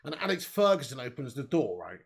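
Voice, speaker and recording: Gravelly chatty football streamer. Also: male voice, medium pitch, big pitch swings, fairly quick. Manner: chatty, laughs often, reads out chat comments. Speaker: host. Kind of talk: live match watch-along commentary.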